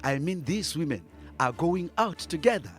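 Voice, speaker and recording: Guy doing a boastful crude old politician, chuckly and drawn out, high voice. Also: sing-song, moderate pace, faint music behind. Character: boastful older male politician, pompous and crude. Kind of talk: satirical puppet sketch.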